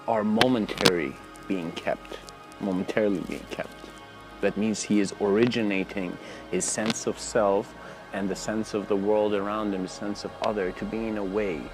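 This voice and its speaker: Man with a lowish voice, laid-back rambling lecturer, loud music underneath. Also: rough recording. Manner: relaxed, rambling, many fillers. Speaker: spiritual lecturer. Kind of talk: casual spoken lecture with storytelling. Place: outdoors near train tracks.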